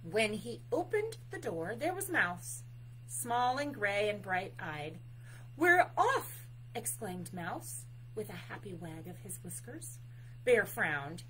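A woman working as a librarian, reading a picture book aloud at story time in an expressive, unhurried way, adding chatty asides. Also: medium pitch, slight background noise, poor audio.

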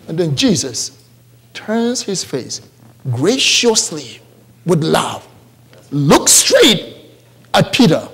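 A man's voice: high-pitched, big pitch swings, slow pace, vocal fry, pauses often, a bit bright, husky. A male preacher with an African accent giving a sermon in a church service, repeating phrases for emphasis and checking in with the congregation.

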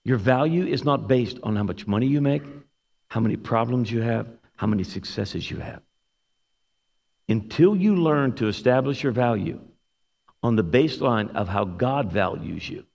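A man preaching a sermon as a guest speaker, telling a story with lively animation. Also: mid-range voice, moderate pace, vocal fry. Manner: animated storyteller, shouts when acting out quotes. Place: church sanctuary. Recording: long hall reverb.

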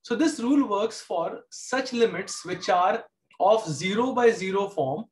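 High-voiced man lecturing in an echoey room. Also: expressive, unhurried. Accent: Indian English. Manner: explains step by step, repeats key points. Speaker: math teacher. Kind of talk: classroom lecture.

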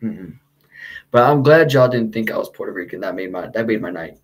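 A man's voice: on the low side, lively intonation, fairly quick, low-quality recording. A man hosting a casual chat with a light Texan accent, talking in a laid-back, slangy way and swearing freely. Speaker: podcast host.

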